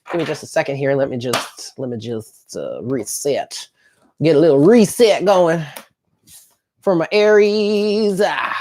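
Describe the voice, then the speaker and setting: A woman giving a chatty live tarot reading, talking straight to her viewers in an upbeat way. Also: mid-range voice. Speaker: tarot reader.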